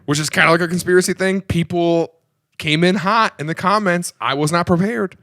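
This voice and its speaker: A young man co-hosting a podcast in casual chat, animated and exasperated, laughing often. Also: high-pitched, brisk, dry recording, clean studio sound. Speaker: podcast co-host.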